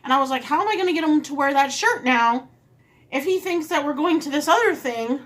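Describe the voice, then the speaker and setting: A woman's voice: high-pitched, a little fast. Chatty woman telling a story. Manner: chatty, animated, quotes herself and others. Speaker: vlogger. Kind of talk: casual storytelling while eating.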